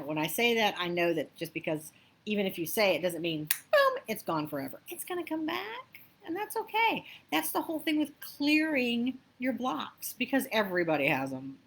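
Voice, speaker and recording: A woman abundance coach giving a motivational spiritual talk, chatty and animated, telling stories with asides. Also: lowish voice.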